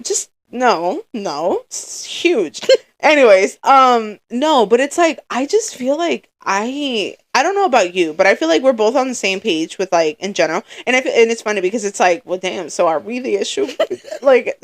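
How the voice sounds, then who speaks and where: A woman's voice: a little high, expressive, moderate pace. Young woman venting on a podcast, tired, rambly, lots of "like". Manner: rambling, many restarts and fillers; weary, venting. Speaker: podcast co-host. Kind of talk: casual chat.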